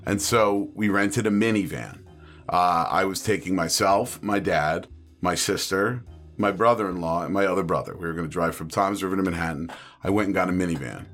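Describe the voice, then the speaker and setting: Young dude telling a goofy story, acts out all the lines, laughs a lot, some music faintly under. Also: male voice, sits low, a little fast. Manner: animated storyteller acting out quotes, laughing. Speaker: player. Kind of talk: comic personal anecdote.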